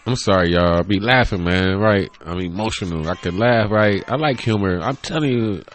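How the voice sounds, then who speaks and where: With faint music behind him, a man in his thirties talks fairly quickly in a fairly low voice while hosting his own podcast from a home room. It's a rambling, casual solo chat with frequent laughter and free swearing.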